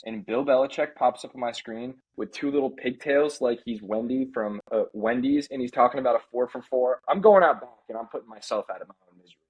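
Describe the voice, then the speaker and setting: A man co-hosting a casual sports podcast, ranting in an animated way and slipping into mock impressions. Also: medium pitch, fast, few pauses, breathy edge, muffled recording. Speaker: podcast co-host.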